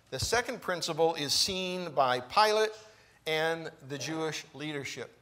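Slow, emphatic male preacher. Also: a little high, fairly bright tone. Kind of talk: sermon. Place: church sanctuary.

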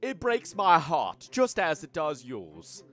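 A man's voice: on the high side, huge pitch swings, takes it slowly, a bit bright, full character voice. A man voicing a blustering male radio talk-show judge in a mock mix of southern and British accent, preachy and indignant. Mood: solemn.

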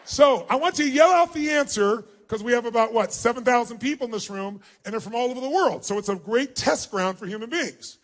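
Male motivational speaker, very high-pitched, energetic and commanding, working a large hall crowd. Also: brisk, few pauses. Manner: energetic, commanding, calls for audience responses. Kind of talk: live seminar instructing a large audience. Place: large hall before seven thousand people.

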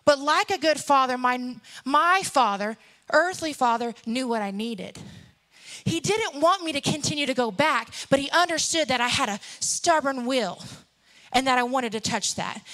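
Animated woman preacher, acting out stories. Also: high-pitched. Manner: storytelling, acts out characters. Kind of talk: sermon.

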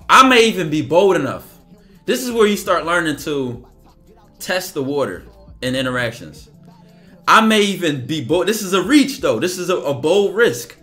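Bright, emphatic man streaming a monologue. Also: on the high side, sing-song, normal speed, faint music behind. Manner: casual, emphatic, acts out dialogue. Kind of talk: livestream monologue.

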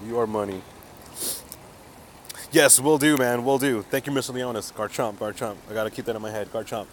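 A man's voice: medium pitch, a little fast. Young guy streaming a phone game on a street, super hyped, dude this dude that, medium voice, a little traffic noise. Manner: hyped, slangy, says dude and man constantly. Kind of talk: casual live-stream chat to viewers. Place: outdoors on a city street.

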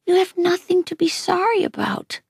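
A woman voicing a loving mother in a book read aloud, speaking softly and soothingly. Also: very high-pitched, fairly even intonation, moderate pace, gravelly, no room sound, clean studio sound, pitched above the performer's own voice. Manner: soft, soothing. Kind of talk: reading a novel aloud.

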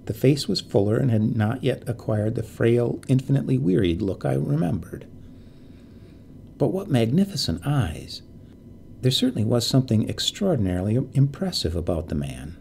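A man narrating a quiet, creepy story in a measured, quietly suspenseful way. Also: mid-range voice, very animated, creaky, a little hiss or hum.

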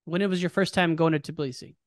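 Brief: male podcast host with a fairly high voice and dry close sound, eager and conversational. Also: fairly even intonation, dry recording. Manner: hyped, cheers the guest on, quick follow-up questions. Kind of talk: casual interview chat.

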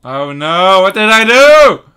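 A woman playing a video game with commentary, loud and giggly, shouting and laughing often. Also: medium pitch, big pitch swings, slow, clean tone. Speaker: gamer.

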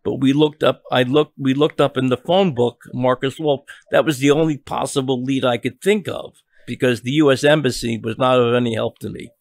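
An older man, a journalist guest on a podcast, telling a long story in a halting way with many restarts and repeated words. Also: medium pitch, fairly even intonation, dry recording.

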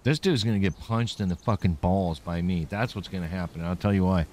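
A man's voice: low voice, fairly quick, darkish tone, a little hiss or hum. A man streaming a game, joking crudely and mocking the characters' dialogue as he plays. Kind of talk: casual gameplay commentary.

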